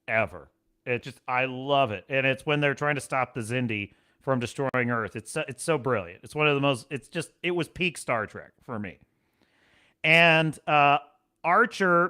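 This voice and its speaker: A man hosting a livestream show, chatting casually in a rambling, animated way and laughing often. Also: a little high, clean tone.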